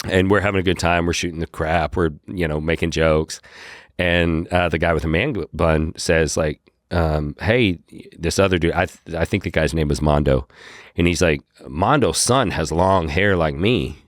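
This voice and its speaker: A man, a podcast guest, telling a story in a casual, animated way and acting out his own lines. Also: deep voice, normal speed, no echo, clean studio sound. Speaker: podcast guest, whiskey brand founder.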